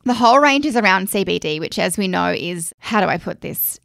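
A woman with an Australian accent, co-hosting a casual chat, chatty and animated with laughing asides. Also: mid-range voice, fairly quick, creaky, dry recording, clean studio sound. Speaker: podcast co-host. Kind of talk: casual chat about skincare.

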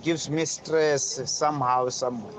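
A man calling in with a voice note, speaking haltingly and hesitantly. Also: medium pitch, steady tone, a bit bright. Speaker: caller leaving a voice note. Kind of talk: recorded voice message. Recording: noisy voice note with traffic.

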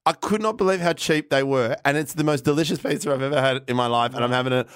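A man's voice: mid-range voice, quick pace, a bit bright, clean tone, no echo, clean studio sound. An Australian man and comedian telling a rambling story in casual podcast chat, full of restarts and laughter.

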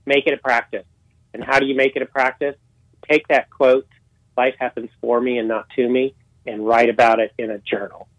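A man's voice: mid-range voice, level tone, normal speed, no room sound, rough recording. A man speaking as a guest life coach, earnest and encouraging as he gives advice. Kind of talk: casual interview.

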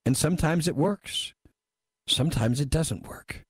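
A man's voice: on the high side, a little slow, breathy edge, no room sound. A man hosting a talk radio show, reading listener messages and giving wry, emphatic commentary into a studio microphone.

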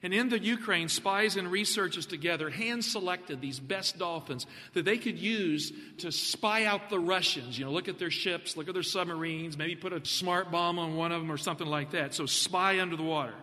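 A man preaching a sermon, animated, putting questions to the congregation. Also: high-pitched, moderate pace, few pauses, big-room sound.

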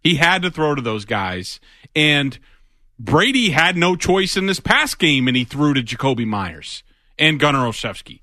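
Man, sports analyst, bright forceful tone, measured points, dry sarcasm, close dry mic. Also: a little high, sing-song, no echo. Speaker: sports talk co-host. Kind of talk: sports radio talk.

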